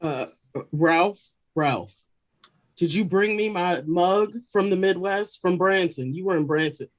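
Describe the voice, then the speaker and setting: A woman's voice: fairly low pitch, unhurried, close to an everyday voice. A woman putting on a forgetful mother who brushes off her own daughter. She is scattered and distracted and keeps repeating herself in an online improv scene. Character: forgetful dismissive mother, middle-aged woman.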